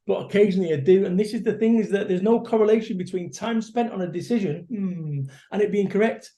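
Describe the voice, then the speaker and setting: A man's voice: sits high, quick pace, hardly any pauses. A middle-aged man with a Manchester accent, a motivational speaker talking bluntly and energetically in an interview. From Salford, Manchester, England. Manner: blunt, energetic, swears casually. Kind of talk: casual interview chat.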